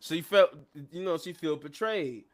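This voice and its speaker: Excitable man recapping wrestling. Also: fairly high pitch, a little slow. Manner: excitable, rambling, laughs at the action. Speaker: wrestling show reviewer. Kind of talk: casual recap commentary. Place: at his workplace.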